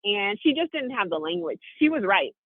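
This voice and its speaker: A woman from Seattle co-hosting a podcast, telling stories in an animated way and laughing often. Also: medium pitch, moderate pace, no echo. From Seattle, USA. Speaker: podcast co-host. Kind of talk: casual chat. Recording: dry, tinny phone-like line.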